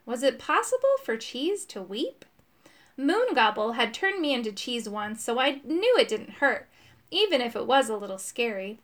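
A woman narrating a children's chapter book aloud, expressive and voicing the characters. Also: a little high. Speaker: audiobook narrator. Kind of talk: children's audiobook reading.

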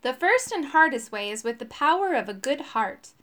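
Woman voicing wise old swamp woman, storybook, calm advice, high lively voice. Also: moderate pace. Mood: advising. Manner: calm, advising.

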